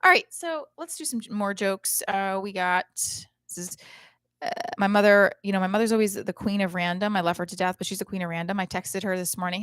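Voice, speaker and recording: A woman's voice: medium pitch, brisk, fairly bright tone, dry recording. A middle-aged woman hosting a podcast, talking in a blunt, profane, rambling comedic monologue into a close mic.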